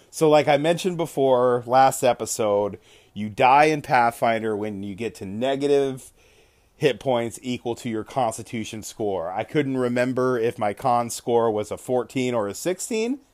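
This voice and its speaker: Slow, profane man recounting a game. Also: medium pitch, lively intonation, darkish tone. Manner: swears freely, self-correcting. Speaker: podcast host recounting a tabletop game. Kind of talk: casual storytelling.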